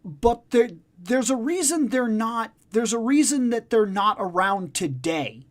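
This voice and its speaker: A man's voice: very high-pitched, animated, a little slow. A man hosting a casual discussion chat, emphatic and profane, repeating his points for stress. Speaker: podcast host.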